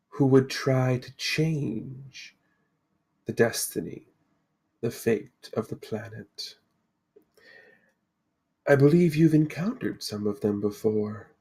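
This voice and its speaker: A man's voice: medium pitch, mellow, breathy edge. A man voicing a serene ancient spirit woman. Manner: slow, measured, solemn pronouncements. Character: serene ancient female fate spirit, calm and cryptic.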